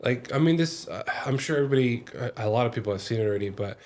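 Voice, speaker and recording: A man's voice: medium pitch, expressive, a little mellow. A man hosting a podcast interview in a casual way, often repeating words as he finds his thought. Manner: halting, repeats words as he restarts. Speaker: podcast host. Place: podcast studio.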